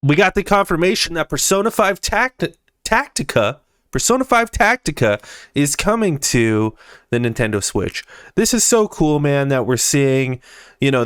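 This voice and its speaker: A man's voice: a little high, a bit bright, no echo, clean studio sound. A young man hosting a podcast, chatting casually and enthusiastically about gaming news, with frequent fillers. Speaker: podcast host.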